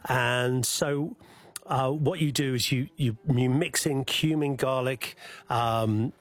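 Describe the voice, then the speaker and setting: A man's voice: medium pitch, slow pace. A man speaking as a guest chef on a radio cooking segment, rambling and hesitant with many fillers. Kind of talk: casual radio cooking chat.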